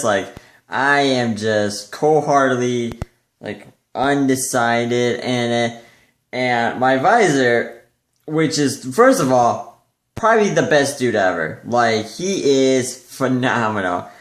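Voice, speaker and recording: A young man chatting casually to the camera in a rambling vlog, full of fillers and lively when quoting others. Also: mid-range voice. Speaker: vlogger. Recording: echoey room.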